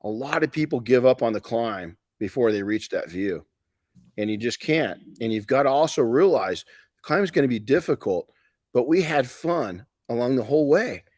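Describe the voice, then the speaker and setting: A man's voice: mid-range voice, animated, moderate pace, darkish tone, no room sound. Folksy middle-aged man, dry close sound. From Southern California. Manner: rambling, folksy storytelling with many restarts. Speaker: podcast host and detailing educator. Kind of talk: live podcast talk.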